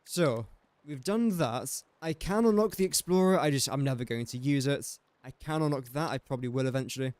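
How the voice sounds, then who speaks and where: A man's voice: mid-range voice, brisk, few pauses, a little mellow, dry recording. A young English man casually thinking aloud while streaming a building game and chatting to viewers. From England. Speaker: gaming streamer. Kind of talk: casual live-stream commentary.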